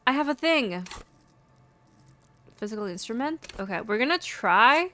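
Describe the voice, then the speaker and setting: A chatty woman streamer talking casually over her game, giggling and swearing as she goes. Her voice sits a little high and unhurried, close and dry on the mic. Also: expressive, pushed and bright, dry recording.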